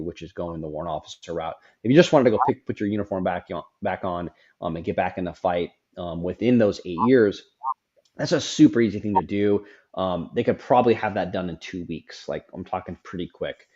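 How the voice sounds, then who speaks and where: A man's voice: low-pitched, darkish tone, breathy edge. A middle-aged man hosting a casual conversation, frank and rambling, often repeating words as he goes. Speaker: podcast host. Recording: dull lo-fi sound.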